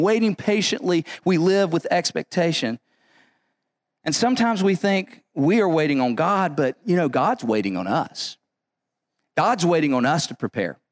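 Male pastor, slightly higher voice, preaching with emphatic repetition and restarts. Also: dry recording. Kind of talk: sermon.

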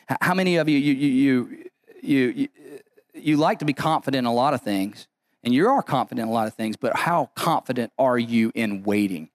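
A man's voice: medium pitch, no room sound, clean studio sound. A man preaching a sermon as pastor, emphatic and repetitive, often restarting his phrases.

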